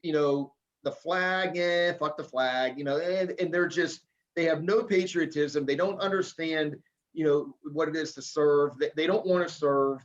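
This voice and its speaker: A man's voice: on the high side, steady tone, unhurried. A man in a casual podcast chat, ranting and profane. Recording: dull lo-fi sound.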